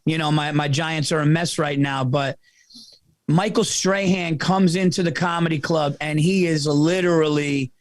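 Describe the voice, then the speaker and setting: Man, comedian host, casual story, self-mocking, slightly high voice, dry close sound. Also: moderate pace, dry recording. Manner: animated, laughing, swearing, self-mocking.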